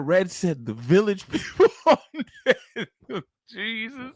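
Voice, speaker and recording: A man's voice: sits high, big pitch swings, slow, no room sound. A man hosting a live-stream reaction, talking loosely and profanely into a close streaming mic and breaking into bursts of laughter.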